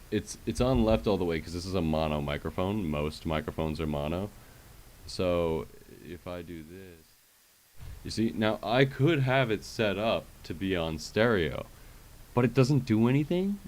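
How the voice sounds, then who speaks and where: A deep-voiced man streams live from his computer setup, unhurriedly walking viewers through fixing his microphone. The casual tech walkthrough is chatty, full of fillers and check-ins with the audience, and he uses a USB microphone with headset monitoring.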